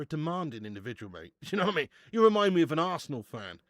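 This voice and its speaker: A man's voice: on the high side, sing-song, rapid-fire, a little hiss or hum. A young man hosting a live watch-along stream, bantering with viewers, swearing and laughing often. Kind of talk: live casual chat to viewers.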